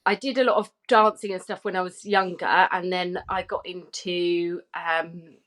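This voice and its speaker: A woman's voice: fairly low pitch, fairly even intonation, measured pace, a bit bright. A British woman chatting casually as a podcast guest, hesitant and self-deprecating, laughing often.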